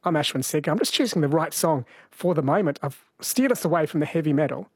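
Husky, playful radio host. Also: male voice, fairly high pitch, lively intonation, quick pace, no room sound, studio quality. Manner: playful, teasing. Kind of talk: casual radio banter.

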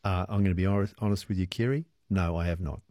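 A man hosting a radio interview, asking measured, curious questions into a studio microphone. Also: sits low, fairly even intonation, dark tone, no room sound. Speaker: radio host.

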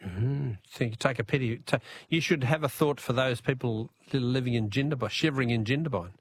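Chatty Australian radio host. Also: male voice, mid-range voice, fairly quick, a little hiss or hum. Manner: chatty, laughs easily, jokes with callers. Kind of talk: talkback radio quiz.

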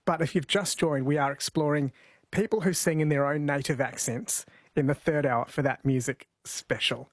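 A man runs a live radio show, chatting easily as he reads out texts and the weather. His voice sits a bit high. The studio sound is close and dry. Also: steady tone, normal speed, dry recording. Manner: chatty, reading listener texts aloud. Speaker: radio host. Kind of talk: live radio talk and quiz hosting.

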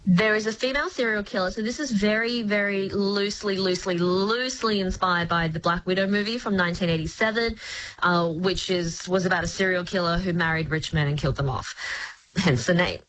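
A woman chatting as a guest critic, explaining shows at length in an articulate, lively way. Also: medium pitch, fairly quick, poor audio. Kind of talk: casual review chat.

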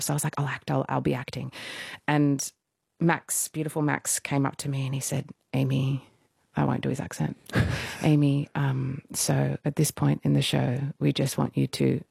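This is a thirty-something woman from musical theatre, guesting on a casual radio interview, where she tells stories with animated self-deprecation and frequent laughter. Her voice is low, creaky and husky. The audio has no echo and a clean studio quality.

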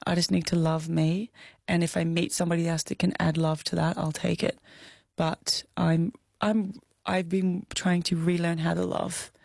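A woman's voice: on the low side, little pitch movement, moderate pace, gravelly, a little mellow, dry recording. A young Australian woman telling a personal story in an interview, candid and heartfelt, close to tears. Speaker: guest.

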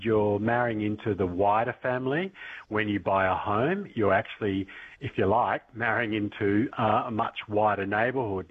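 A man interviewed over the phone, explaining his views in a measured way. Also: fairly low pitch, slightly rough. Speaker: interviewed guest. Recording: phone line.

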